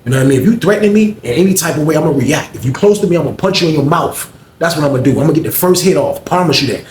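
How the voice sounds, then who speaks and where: Male storyteller, casual slangy vlog delivery, slightly high voice, echoey room. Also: racing, a little hiss or hum. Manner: animated, profane street slang, addresses viewers directly.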